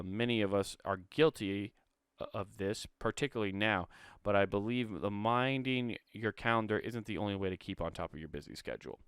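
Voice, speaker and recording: A man's voice: lowish voice, fairly bright tone, clean tone, dry recording, studio quality. A man hosting a comedic solo podcast, reading an article aloud and breaking off into irreverent, profane asides.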